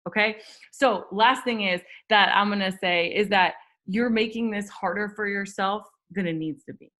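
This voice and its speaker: Woman giving her team a pep talk, earnest, lots of questions, normal pitch voice. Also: normal speed, sharp tone. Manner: earnest, coaching, rhetorical questions. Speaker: network marketing leader.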